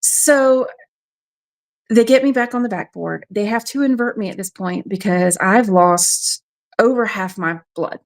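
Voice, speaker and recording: A woman's voice: mid-range voice, a little slow. Frank woman telling her story. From South Carolina, USA. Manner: frank, matter-of-fact storytelling. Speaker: radio show guest. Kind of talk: personal testimony.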